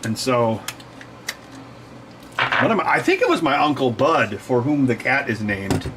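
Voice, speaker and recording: Guy rambling on a stream while tinkering, keeps correcting himself, laughs a lot, mid pitch, slight hum behind. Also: sing-song, unhurried. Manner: digressive, self-correcting, laughs often. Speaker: livestream host. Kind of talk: rambling casual chat while working.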